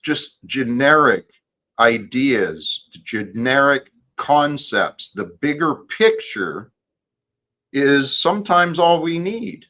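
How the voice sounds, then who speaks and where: A man hosting a casual chat show, with a bright, forceful tone. He talks in a measured, reflective way and stays earnest as he explains his views. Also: medium pitch, very animated. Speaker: host.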